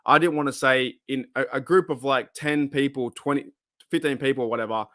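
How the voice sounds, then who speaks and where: A man's voice: mid-range voice, fairly even intonation, brisk, a bit bright, no echo, studio quality. Rambling Australian man telling a story. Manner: rambling, laughs often, restarts, Aussie slang. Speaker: podcast host. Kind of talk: casual live podcast storytelling.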